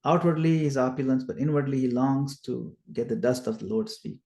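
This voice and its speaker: A man teaching a scripture study class, retelling the stories in a lively way and acting out the quoted lines. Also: mid-range voice, fairly quick, gravelly. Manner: animated retelling, acts out quoted lines loudly. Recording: echoey room.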